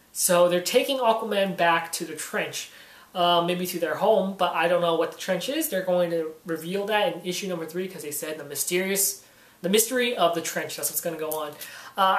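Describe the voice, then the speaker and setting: A man giving a casual spoken comic book review, rambling and leaning heavily on "you know" fillers. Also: high voice. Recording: roomy echo.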